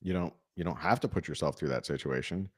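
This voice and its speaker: Husky and bass-voiced, a male podcast co-host talks fast in a loose, rambling chat packed with filler words.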